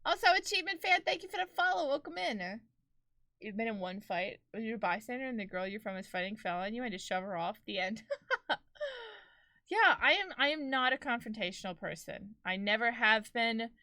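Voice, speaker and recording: A woman's voice: mid-range voice, expressive, moderate pace, sharp tone, dry recording, clean studio sound. A young woman streaming and chatting with her viewers, telling stories casually and laughing often. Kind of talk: casual chat with live chat.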